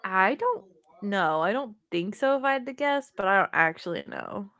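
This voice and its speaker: A woman's voice: mid-range voice, expressive, moderate pace, bright, forceful tone, no echo, studio quality. A young woman co-hosting a podcast in casual chat, laughing often as she talks. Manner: giggly, laughs often while talking. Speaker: podcast co-host.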